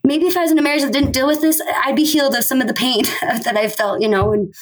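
Thirties woman guest, heartfelt testimony, somewhat high voice, halting and earnest. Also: steady tone, a crowd in the background, poor audio. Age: 30s. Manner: earnest, emotional, halting with restarts and laughs. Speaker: podcast guest. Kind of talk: personal faith testimony.

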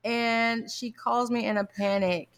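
A woman's voice: a little high, fairly even intonation, a little slow, fairly bright tone, smooth. A middle-aged woman, a mother, animatedly telling a funny family story in casual chat and laughing often.

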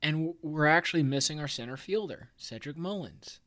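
A man's voice: on the high side, lively intonation, fairly quick, sharp tone. A man hosting a casual sports podcast, talking in a playful, jokey way and hyped about his team. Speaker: podcast host.

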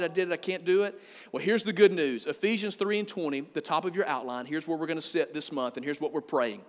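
A man preaching a sermon as pastor, energetic, quoting scripture with emphasis. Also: sits high. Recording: reverberant church hall.

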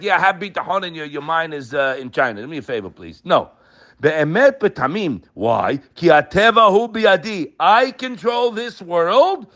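Older man, sermon, impassioned, emphatic, lively pitch. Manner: impassioned, emphatic, fond of rhetorical questions. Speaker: religious teacher.

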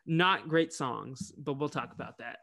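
A man co-hosting a casual podcast, chatty and quick to offer his opinions and small asides. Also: mid-range voice, gravelly, sharp tone. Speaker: podcast co-host.

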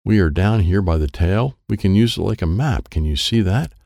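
A man's voice: lively intonation, normal speed, creaky, a little mellow, no room sound, clean studio sound. A man voicing a bossy, impatient young girl in a storybook reading, pushing everyone to hurry. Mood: curious. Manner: urgent, pushy, high-pitched. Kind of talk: storybook character voice.

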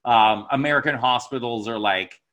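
A man hosting a podcast, talking casually in an animated, swearing, emphatic way. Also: mid-range voice, normal speed. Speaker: podcast host. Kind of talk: casual chat.

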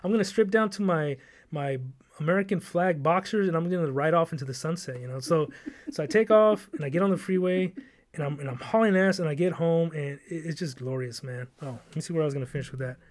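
A man's voice: a little high, fast. A young man hosting a podcast, telling a long rambling, profane story in casual chat. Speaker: podcast host.

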